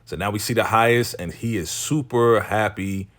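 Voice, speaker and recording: Guy with a real low voice doing a laid-back show recap, chatty, talks right to the viewers. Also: normal speed, fairly bright tone. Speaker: TV episode recap host. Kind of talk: casual spoken recap.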